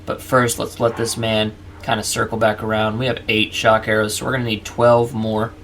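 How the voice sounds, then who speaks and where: A man's voice: fairly low pitch, flat delivery, moderate pace, a bit bright, a little hiss or hum. A man hosting a let's play, chatting casually and narrating each move to the viewer. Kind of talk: casual gameplay commentary.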